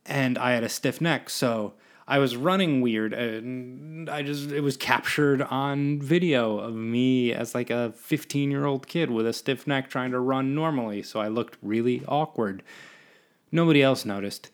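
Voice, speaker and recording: A man's voice: medium pitch, a little slow. A man, hosting a solo podcast and rambling between topics in a self-deprecating way. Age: 20s. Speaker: podcast host.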